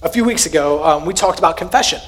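Earnest man preaching, slightly high voice. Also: animated, fast. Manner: earnest, conversational preaching with sudden emphatic rises and quiet asides. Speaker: pastor. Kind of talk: sermon.

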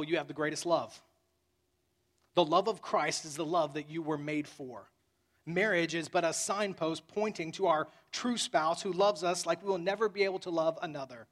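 A man's voice: a little high, a bit bright. A man preaching a sermon as pastor, earnest and building to emphatic peaks.

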